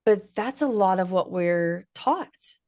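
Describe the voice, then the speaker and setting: A woman's voice: medium pitch, expressive, slow pace, a little mellow. A woman hosting a podcast, chatting casually and sharing personal stories. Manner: chatty, shares personal anecdotes. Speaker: podcast host.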